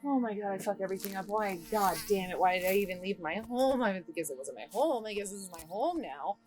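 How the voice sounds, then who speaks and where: A woman's voice: mid-range voice, fast, over music, close to an everyday voice. An actress playing a panicking young woman who spirals into breathless, guilty self-talk in a film drama. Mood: panicked.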